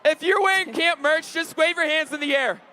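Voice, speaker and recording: Man hosting a camp game, very high shouted voice, bright and forceful delivery, energetic calls to the crowd, crowd and music faint behind. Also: fairly quick, a little hiss or hum. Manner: energetic, loud, calling out to a crowd. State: straining voice. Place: large camp event hall.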